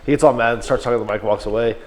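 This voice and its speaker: A man spinning a story on a casual podcast at a quick clip, his voice at an average pitch, acting out each person's lines as he goes. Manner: rapid, animated storytelling, acting out quotes.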